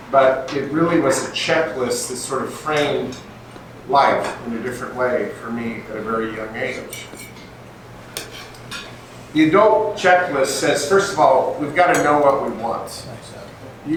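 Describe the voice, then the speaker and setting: An older man telling stories to a live audience, lively and full of acted-out voices. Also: medium pitch. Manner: animated, acts out voices in his stories. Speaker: speaker at an event. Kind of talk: storytelling talk to a live audience. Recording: echoey hall from far off, faint noise.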